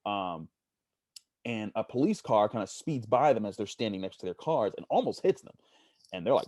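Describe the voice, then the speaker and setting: A man from Pittsburgh, a sports journalist, talking earnestly as a podcast guest, halting and searching for words. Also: mid-range voice, expressive, a little mellow, no echo, clean studio sound. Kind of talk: casual interview storytelling.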